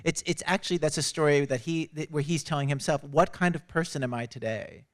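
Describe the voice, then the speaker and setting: A man's voice: on the high side, a little fast. A man hosting an onstage conversation as a radio interviewer, speaking in a wry, conversational way. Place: stage at an awards event.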